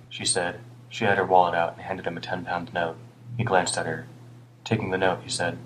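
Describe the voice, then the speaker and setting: A man reading an audiobook in a steady, even scripted narration. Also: sits low, fairly quick, background noise.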